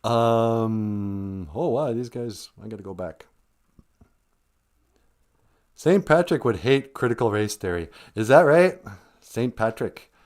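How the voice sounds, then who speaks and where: A man's voice: fairly low pitch, slow pace, pauses often. A man hosting a casual livestream who rambles, chuckles and reads out viewer comments between tangents. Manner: rambling, chuckling, animated asides. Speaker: livestream host.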